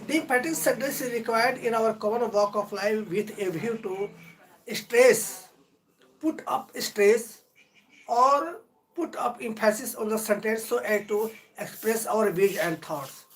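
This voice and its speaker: Slow, deliberate male grammar teacher. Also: sits high, fairly bright tone, rough recording. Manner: slow, deliberate lecturing with drawn-out words and long pauses; earnest, motivational. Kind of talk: live-streamed grammar lesson.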